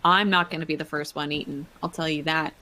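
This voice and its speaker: A woman's voice: deep voice, fairly even intonation, fairly quick, bright, forceful tone. Playful woman hosting a game stream. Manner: playful, reads chat aloud. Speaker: stream host. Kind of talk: casual gaming stream chat.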